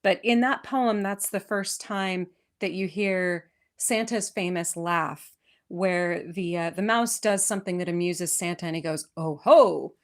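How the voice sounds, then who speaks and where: A woman with a West Coast American accent hosting a podcast. She reads an old poem aloud, then chats about its history in a lively, enthusiastic way with frequent restarts. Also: on the low side, measured pace. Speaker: podcast host. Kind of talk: poetry reading and casual history chat. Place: lives in England.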